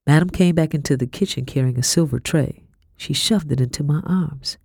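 A woman narrating a historical novel in first person, in a measured storytelling manner. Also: low voice, creaky, darkish tone, breathy edge, no echo, clean studio sound. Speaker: audiobook narrator.

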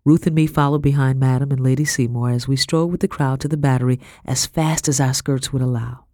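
Woman audiobook narrator, first-person historical fiction; steady, expressive, dry booth sound. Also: rumbling low, a little fast, no echo.

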